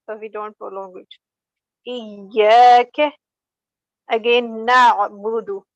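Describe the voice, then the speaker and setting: Woman teacher going slow and steady, kinda high voice, dull lo-fi call audio. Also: no room sound. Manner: patient, slow demonstrating of recitation. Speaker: tajweed teacher. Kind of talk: online class lesson.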